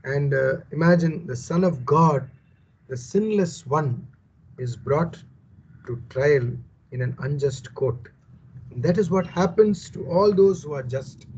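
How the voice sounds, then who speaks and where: A man's voice: on the high side, a little mellow, slightly rough, lo-fi sound. A man preaching a Bible teaching sermon, emphatic and repetitive, often asking his listeners rhetorical questions.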